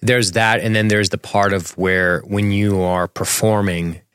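A podcast co-host with a fairly low, clear, resonant voice talks at a measured pace in a clean studio with no echo. He recaps a TV episode in a relaxed, casual way, laughing often and reading out questions from the chat.

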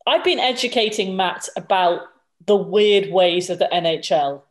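A woman's voice: medium pitch, moderate pace. A woman co-hosting a casual podcast, chatty and explaining things in long lists. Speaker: podcast co-host.

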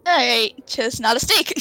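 Female player, high bright voice, giggly casual banter. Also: lively intonation. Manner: giggly, quick questions. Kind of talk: casual tabletop play.

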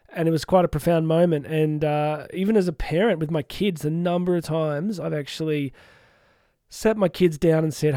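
Earnest man with a mellow voice. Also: on the high side, fairly even intonation, normal speed, no room sound, clean studio sound. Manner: earnest, reflective, with frequent restarts and asides. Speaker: podcast host and coach. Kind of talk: solo podcast monologue.

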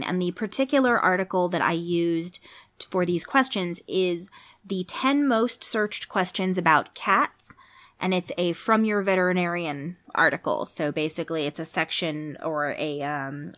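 A woman's voice: lowish voice, a bit bright. Chatty woman explaining cat care. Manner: chatty, explanatory, with fillers and asides. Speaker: podcast host who works at a cat hospital. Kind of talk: casual informational podcast monologue.

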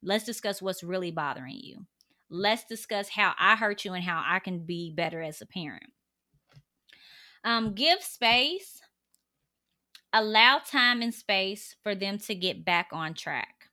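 A young pregnant woman speaks in a bright, forward voice at an ordinary middle pitch. She offers parenting advice in a casual, conversational monologue. Her delivery is earnest and direct. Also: expressive, measured pace.

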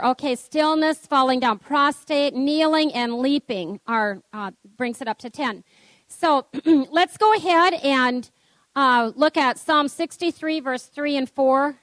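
A woman's voice: high voice, normal speed, a bit bright, no room sound. A woman leading a church prayer gathering, mixing chatty teaching with fervent spoken praise. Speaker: prayer group leader.

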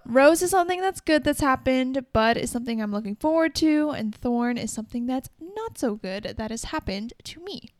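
A woman's voice: sits high, dry recording. A woman in her early twenties hosting her own solo podcast in a casual, rambling way, often restarting her sentences. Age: early 20s. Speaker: podcast host.

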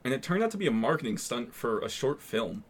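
A man co-hosting a casual horror movie podcast, relaxed and recounting facts he looked up, with frequent fillers. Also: mid-range voice, fast. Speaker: podcast co-host presenting research. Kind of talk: casual chat.

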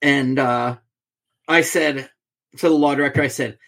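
A middle-aged man, a podcast guest, telling a story in a lively way and acting out the back-and-forth of a conversation. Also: medium pitch, unhurried, pauses often. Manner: animated storyteller, acts out quoted exchanges.

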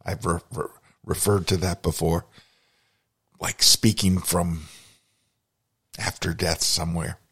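A man's voice: deep voice, fairly even intonation, slow pace, pauses often, fairly bright tone, breathy edge. A man hosting a podcast, telling a personal story in a reflective, confessional way. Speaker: podcast host.

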